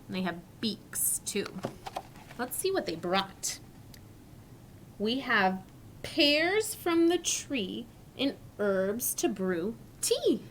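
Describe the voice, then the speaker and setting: A woman teacher reading a story to young children, asking questions and modelling sounds slowly and clearly. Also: a little high, very animated, slight background noise. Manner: slow, clearly articulated, questioning.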